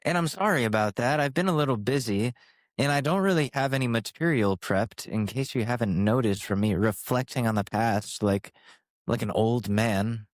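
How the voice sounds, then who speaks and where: A man's voice: medium pitch, normal speed, no room sound. A man in his twenties hosting his own podcast, talking in a sarcastic, rambling and profane way on a studio microphone. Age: 20s. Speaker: podcast host. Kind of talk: casual solo podcast monologue. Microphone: studio microphone with compressor.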